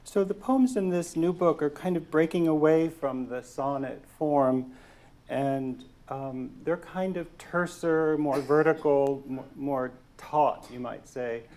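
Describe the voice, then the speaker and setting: Slow, measured man reading poetry. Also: fairly high pitch, darkish tone. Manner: slow, hesitant between poems, measured when reading. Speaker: poet reading his work. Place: lecture hall.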